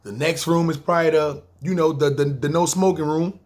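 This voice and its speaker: His voice is a little high and a little mellow, his tone steady and his pace brisk. This podcast storyteller, a New York man with a New York accent, rambles casually through a long story, swearing freely and reenacting conversations.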